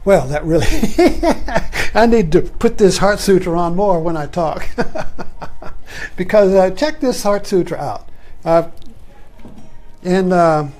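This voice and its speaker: A man giving a rambling, meditative spiritual talk, often trailing off into a soft, low "you see.". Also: lively intonation, takes it slowly, pauses often. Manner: repeats "you see" softly, drops low at phrase ends; rambling, conversational, with chuckles. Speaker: spiritual teacher.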